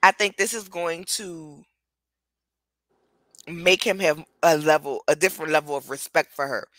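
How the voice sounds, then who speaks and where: A woman hosting a casual chat about reality television, blunt and candid in how she talks. Her voice is bright and forceful, and it sounds close and dry with no room echo. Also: deep voice, fairly even intonation, normal speed. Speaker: reality TV reviewer and host.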